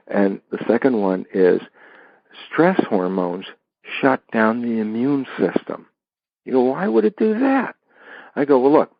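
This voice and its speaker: A man being interviewed, explaining ideas with lively stories and acted-out dialogues. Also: medium pitch, gravelly, husky, dry recording, highs cut off. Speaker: interview guest. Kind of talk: animated explanatory interview talk.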